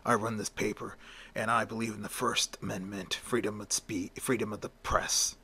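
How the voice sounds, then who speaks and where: A man voicing a gruff, brusque newspaper editor who is tough but fair, in a homemade story. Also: on the low side, steady tone, moderate pace, pushed and bright, exaggerated voice.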